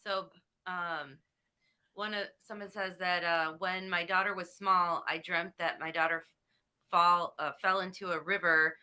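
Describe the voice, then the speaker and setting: A woman co-host reading listener messages aloud, her voice slightly low but bright. She pauses and hesitates with fillers, and she sounds a bit distant from the microphone. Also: steady tone, clean tone.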